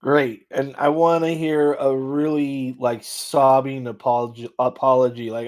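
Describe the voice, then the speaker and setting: A man's voice: medium pitch, level tone, measured pace, few pauses, a little mellow. A man hosting a comedy video, teasing an AI with mock-boastful banter in casual chat. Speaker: YouTube comedy host.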